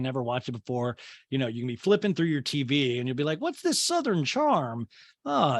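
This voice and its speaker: A man's voice: mid-range voice, dry recording, studio quality. A man hosting a solo recap podcast, joking and acting out quoted voices as he goes. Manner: animated, jokey, acts out quoted voices. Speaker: podcast host. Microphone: podcast microphone.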